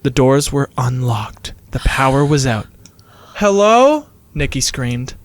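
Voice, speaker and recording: A man's voice: medium pitch, steady tone, measured pace, gravelly, dry recording. A young man casually reading a story aloud with a friend, swearing, laughing often and loosely voicing the characters.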